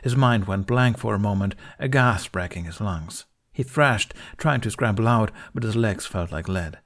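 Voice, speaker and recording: Low-voiced man reading a story. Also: moderate pace. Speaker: fan fiction reader. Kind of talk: scripted narration.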